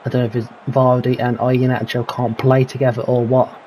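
A man's voice: medium pitch, level tone, brisk, a little mellow, slight background noise, poor audio. Man calling a football sim match. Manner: calls player names, mutters his own worries. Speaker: gaming commentator. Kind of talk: casual let's-play commentary.

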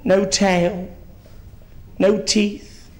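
On a theatre stage, a male drag comedian plays a grand but foul-mouthed elderly queen mother, speaking extremely slowly in a high voice with little pitch movement. His bawdy live act tells stories in a mock-genteel manner before landing crude punchlines.

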